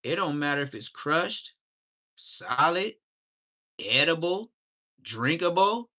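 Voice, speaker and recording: A man's voice: a little high, very animated, slow, pushed and bright. A man from Southern California hosting a livestream, reacting in casual slangy chat and laughing a lot. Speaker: livestream host.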